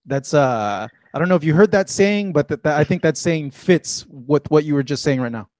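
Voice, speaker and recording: A man hosting a casual interview, friendly and relaxed, with some stammering restarts. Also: on the high side, moderate pace, dry recording, studio quality. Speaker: interviewer and channel founder.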